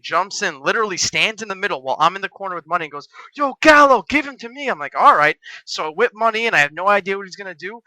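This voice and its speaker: Young male podcast co-host, quick crisp delivery, dry close sound, loves a crude story. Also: fairly high pitch, no echo, rough recording. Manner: profane, animated storyteller. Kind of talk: casual storytelling chat.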